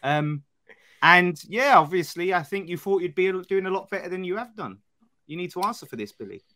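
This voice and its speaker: A man's voice: high voice, expressive, fairly quick, bright, forceful tone. A man on a football podcast panel, needling another guest in casual banter. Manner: teasing, needling, stammers into restarts.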